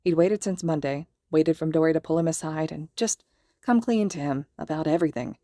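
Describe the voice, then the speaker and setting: A woman reading a fan fiction story aloud in a steady, measured narration. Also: low-pitched, dry recording, clean studio sound. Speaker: podfic reader.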